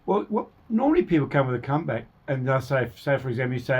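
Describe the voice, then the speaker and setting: A man's voice: mid-range voice, animated, rapid-fire, hardly any pauses, a little mellow, husky. A man co-hosting a radio talk show, chatting casually and rambling, acting out insults people throw at each other. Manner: rambling, acts out quoted insults. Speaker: radio co-host. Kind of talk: casual radio chat about conflict. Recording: radio studio.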